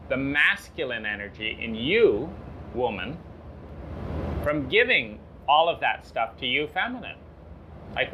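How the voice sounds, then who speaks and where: A man giving a motivational self-help talk, pausing often with fillers and firing off rhetorical questions. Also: medium pitch, bright, forceful tone, slight background noise. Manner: slow, halting with frequent fillers.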